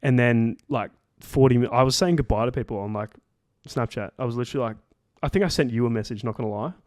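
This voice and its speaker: A man's voice: medium pitch, fast talker, darkish tone, dry recording, studio quality. A young Australian man co-hosting a podcast, telling a story in a rambling, casual way, swearing freely and filling gaps with "like" and "um". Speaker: podcast co-host.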